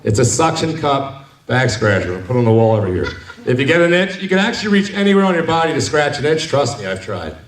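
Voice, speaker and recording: A man's voice: mid-range voice, sing-song, quick pace. A man in his forties doing a stand-up set at a bar, joking and teasing the crowd. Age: 40s. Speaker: stand-up comedian. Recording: echoey hall, mic from far, crowd.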